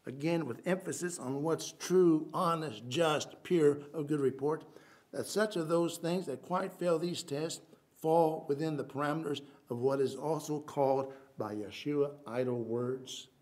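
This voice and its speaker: His voice on the high side, the preacher uses Hebrew names for biblical terms while his sermon lurches from loud emphasis to soft asides.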